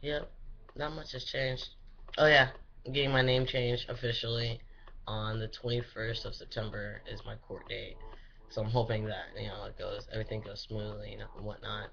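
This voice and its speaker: A man's voice: on the low side, little pitch movement, moderate pace, gravelly, pushed and bright, slight background noise. A young man giving a casual, rambling personal update, full of fillers and restarts and swearing freely. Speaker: vlogger. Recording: dull lo-fi recording.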